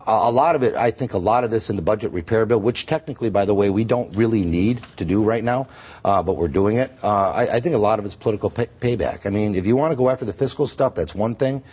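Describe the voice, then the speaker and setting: Low, husky man arguing earnestly. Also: fast talker, a little mellow. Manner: earnest, emphatic, argumentative. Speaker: state senator, guest. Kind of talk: TV news interview. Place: TV studio.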